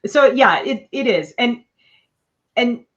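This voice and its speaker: A woman's voice: a little high, animated, slow, dull audio. A woman co-hosting a podcast in casual chat, rambling and acting out bits of dialogue as she tells stories. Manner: rambling storyteller who acts out dialogue. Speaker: podcast co-host.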